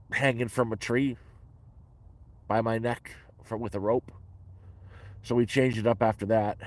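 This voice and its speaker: A man's voice: on the low side, no room sound. A man from Canada, talking casually and bluntly about his life, with some swearing. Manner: blunt, profane, matter-of-fact. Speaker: vlogger answering viewer questions. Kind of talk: casual chat. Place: his shelter.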